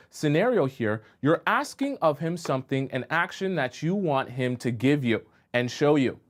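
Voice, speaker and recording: A man talking as a dating coach on a live-stream advice show, conversational and often checking in with his audience. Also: fairly high pitch. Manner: conversational, checks in with rhetorical questions.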